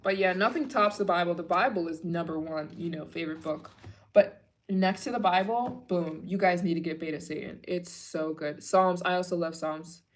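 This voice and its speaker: Chatty lower-voiced woman hosting a livestream. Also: normal speed. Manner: gushing, chatty, heavy filler words. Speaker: travel channel host. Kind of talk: casual livestream Q&A chat.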